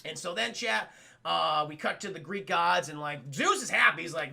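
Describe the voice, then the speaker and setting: A man's voice: high-pitched, lively intonation, normal speed, creaky, sharp tone. A man streaming live, casually recapping a film scene by scene, swearing freely and rambling to his chat. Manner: profane, rambling, talks to chat.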